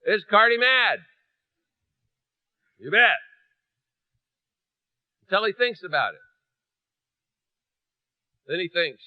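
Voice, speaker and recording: Animated storytelling preacher man. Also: sits high, slow, long pauses, no echo, highs cut off. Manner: animated, acts out voices, shifts from hushed to loud. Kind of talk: humorous sermon storytelling.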